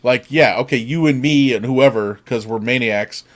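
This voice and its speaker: A man's voice: medium pitch, moderate pace. A man co-hosting a podcast in casual chat, easygoing, swearing casually as he talks about old gadgets. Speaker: podcast co-host.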